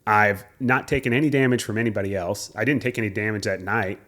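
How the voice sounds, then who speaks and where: Low-voiced man telling a rowdy story. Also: fast. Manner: animated storyteller who swears freely and acts out quotes. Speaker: podcast co-host. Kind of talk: casual storytelling chat.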